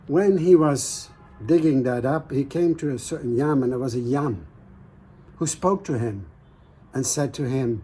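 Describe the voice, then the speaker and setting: Brief: gentle male folktale teller, slow with pauses, mellow tone. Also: medium pitch, slightly rough. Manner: slow, gentle, pausing, drops to hushed asides. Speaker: storyteller, host. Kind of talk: folktale storytelling.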